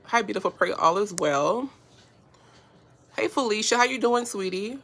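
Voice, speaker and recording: A woman's voice: medium pitch, animated, moderate pace, a bit bright. A woman hosting a casual livestream while doing her makeup. She chats to her viewers, answers their comments and gets easily touched, filmed on the front camera of a phone at home. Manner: chatty, reads comments aloud and answers them, easily touched. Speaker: beauty livestream host.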